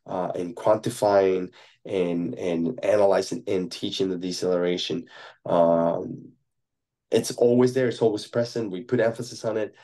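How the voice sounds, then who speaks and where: A man's voice: lowish voice, dark tone. A man, a performance coach, answering a podcast question in a thoughtful, explanatory way, often checking in with tag questions.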